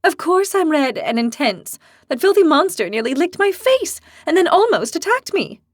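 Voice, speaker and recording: In a dry, studio-quality recording, a woman voices a hot-tempered young horned woman who is angry, blunt, and sarcastic. Her delivery is on the high side with lively intonation at a normal speed, pitched above her own voice yet close to an everyday sound.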